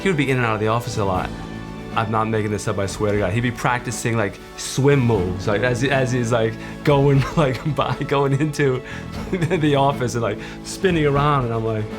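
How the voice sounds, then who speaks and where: A man's voice: mid-range voice, normal speed, music in the background. A man telling an amused anecdote in a documentary interview. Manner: amused, laughing storytelling.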